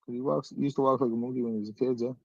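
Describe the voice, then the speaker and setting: A man's voice: mid-range voice, steady tone, rapid-fire, dark tone, no room sound. A man co-hosting a podcast, chatting casually, joking and swearing. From Ireland. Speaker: podcast co-host. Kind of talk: casual chat. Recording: dull, dry sound.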